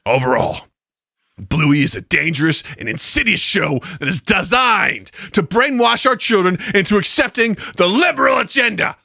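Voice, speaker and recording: A man's voice: sits high, lively intonation, moderate pace, gravelly, bright, forceful tone, no echo, clean studio sound, exaggerated voice. A man putting on the voice of an outraged male conspiracy talk-show pundit, declaiming a scripted rant with indignant bombast.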